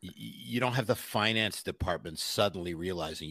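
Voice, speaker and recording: Male interview guest, deep husky voice, dry close sound, animated storyteller. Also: fairly quick, no echo. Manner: emphatic, animated storytelling with mimicked quotes. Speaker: podcast guest. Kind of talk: conversational interview.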